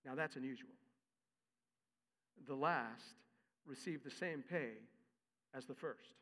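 A man preaching a sermon as a pastor, with an expressive, conversational delivery. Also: medium pitch, slow pace, big-room sound.

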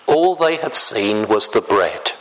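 A man preaching a sermon in a slow, deliberate way, often clearing his throat. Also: fairly low pitch, animated, poor audio.

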